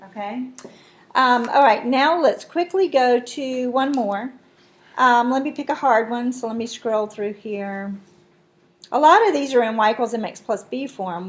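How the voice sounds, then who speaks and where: Woman math teacher, higher voice, patient step-by-step explainer. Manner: explains step by step, checks in with students. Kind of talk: classroom lesson.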